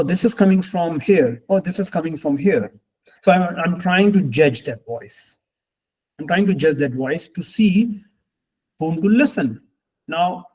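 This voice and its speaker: A man's voice: a little high, darkish tone, rough recording. A man, talking to a group as a life coach in a reflective, earnest way, often repeating phrases for emphasis. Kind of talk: group coaching call talk.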